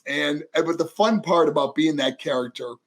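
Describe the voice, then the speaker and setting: A middle-aged man from New York, an interview guest telling lively anecdotes in casual storytelling and acting out other people's voices. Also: a little high, normal speed. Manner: animated, acts out voices in anecdotes. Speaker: interview guest, former wrestler.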